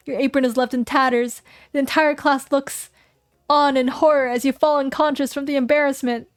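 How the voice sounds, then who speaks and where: A woman's voice: sits high, steady tone, moderate pace, no echo, soft background music. A young woman streaming, reading a game aloud, playful and joking with chat on a close mic. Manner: playful and giggly, jokes with chat. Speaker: vtuber streamer.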